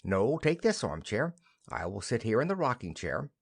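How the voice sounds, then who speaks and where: A man's voice: mid-range voice, very animated, normal speed, husky. A man voicing a cheerful, chattering young wife in an audiobook play reading.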